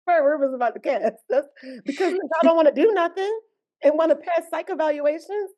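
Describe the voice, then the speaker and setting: A woman's voice: high voice, brisk, warm tone. A woman co-hosting a podcast, chatting casually and playfully about a reality show, often laughing. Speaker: podcast co-host. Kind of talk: casual reality-TV recap chat.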